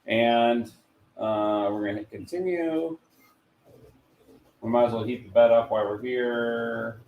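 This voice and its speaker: A man's voice: mid-range voice, a little slow, narrow, tinny audio. A man hosting a casual hands-on product demo, joking and muttering to himself as he works. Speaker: host. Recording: roomy echo.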